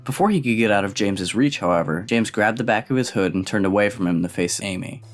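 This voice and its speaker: Deep low guy reading a novel aloud, steady. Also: quick pace, faint music behind. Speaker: narrator. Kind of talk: audiobook narration.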